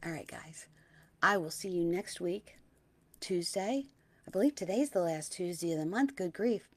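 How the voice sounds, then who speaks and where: A middle-aged woman hosting a spiritual talk, gentle and dreamy, slowing on key words and sometimes dropping to a hush. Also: lowish voice. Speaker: spiritual teacher and host. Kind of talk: soft-spoken spiritual talk.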